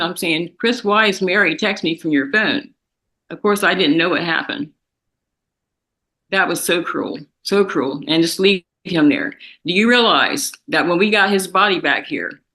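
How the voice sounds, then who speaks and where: A woman's voice: sits low, a bit bright. Reproachful woman speaking in court. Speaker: victim's family member. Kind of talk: victim impact statement in court.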